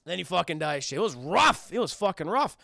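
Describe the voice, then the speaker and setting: A man casually retelling a film to his live chat, profane and animated, addressing the chat constantly. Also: sits high, a little fast, creaky, dry recording, clean studio sound. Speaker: streamer and film reviewer.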